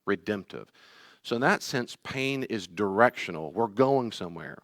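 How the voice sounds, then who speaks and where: Earnest low-voiced man teaching. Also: lively intonation, moderate pace, a bit bright, no room sound, clean studio sound. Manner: earnest, pleading, acts out quoted voices. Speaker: therapist and teacher. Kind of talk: class lecture with personal stories.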